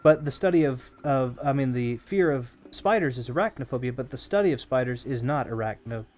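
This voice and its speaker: Hoarse, rambling male game streamer. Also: mid-range voice, expressive, brisk, darkish tone. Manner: rambling, self-correcting, chatty with viewers. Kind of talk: casual live-stream chat over gameplay.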